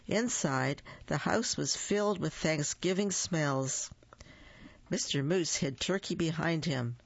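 A reader narrating a children's holiday story in a slow, deliberate way. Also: medium pitch, gravelly, dry recording, muffled recording. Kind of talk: children's story read-aloud.

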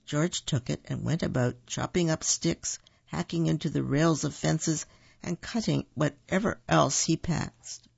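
A man's voice: on the high side, measured pace, creaky, slightly rough, dry recording, muffled recording. A man reading children's stories and folk tales aloud, in an unpolished way, stopping to correct his own slips. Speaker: storyteller.

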